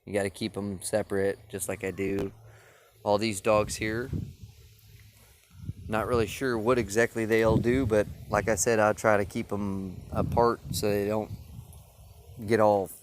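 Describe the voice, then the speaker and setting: Kennel-owner vlogger, man, drawl, slightly low, easygoing and profane, phone recording outdoors with faint noise. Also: flat delivery, a little slow, long pauses. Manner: laid-back, profane, rambling. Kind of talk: casual vlog walkthrough. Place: outdoor dog yard. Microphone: phone held while walking.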